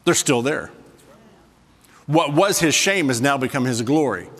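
A man preaching a sermon to a congregation, switching between slow, soft emphasis and quick conversational asides. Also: mid-range voice, animated, big-room sound. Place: church sanctuary with a congregation.

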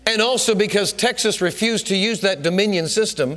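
A man preaching a sermon in an emphatic, repetitive way that builds to shouting. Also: high-pitched, moderate pace, slight background noise. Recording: hall reverb.

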